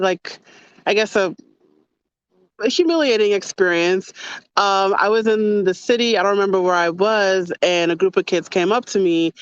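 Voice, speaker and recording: A woman's voice: mid-range voice, clear, resonant tone, dry recording, lo-fi sound. A woman from the United States hosting a podcast, chatting casually and often laughing while recounting stories. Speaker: podcast host. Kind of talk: casual conversation.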